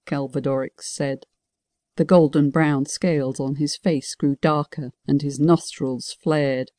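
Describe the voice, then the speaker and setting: A woman narrating a fantasy audiobook in an even, measured reading. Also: low-pitched, dry recording, clean studio sound.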